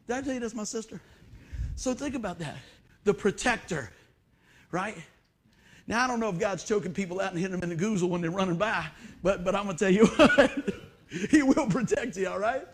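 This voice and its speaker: Folksy high-voiced preacher. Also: male voice, expressive, a little fast, slight background noise. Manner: folksy storytelling with dramatic swings between soft and loud. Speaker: pastor. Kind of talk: sermon. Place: church before a congregation.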